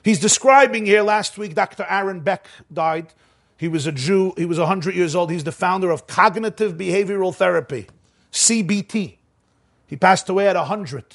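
A man teaching a Torah class. He reads the source text fast, translates it, then explains it with slow, emphatic phrasing and an occasional chuckle. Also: sits high, creaky, a bit bright.

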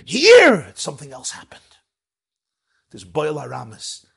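A rabbi delivering a lively Torah lecture in a somewhat high, husky man's voice. His pitch swings widely as he moves from soft asides to emphatic declarations. The delivery is animated throughout. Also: unhurried.

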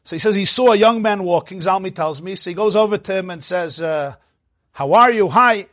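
A man's voice: high voice, fast, no room sound, studio quality. A man, a rabbi, giving a storytelling sermon in an emphatic, heartfelt way.

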